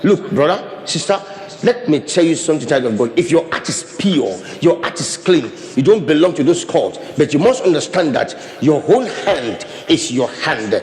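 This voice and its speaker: Pastor guy preaching, kinda high voice, repeats himself a lot, big echoey hall. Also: normal speed. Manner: animated, repeats and restarts phrases, demonstrates with hands. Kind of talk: sermon. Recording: long reverb of a hall.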